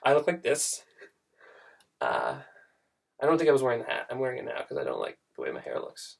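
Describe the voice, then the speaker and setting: A young man tells a comic story to camera at a fast clip, his voice gravelly with fry. He rambles and keeps interrupting himself. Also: medium pitch, huge pitch swings.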